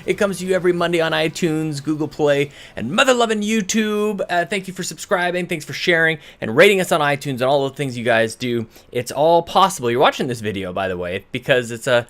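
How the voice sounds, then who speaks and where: A man's voice: a little high, brisk, few pauses, a bit bright. A man hosting a podcast intro in a casual, rambling way, correcting himself as he goes and sounding a little out of breath. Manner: rambling, self-correcting, chatty. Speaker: podcast host. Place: home in British Columbia.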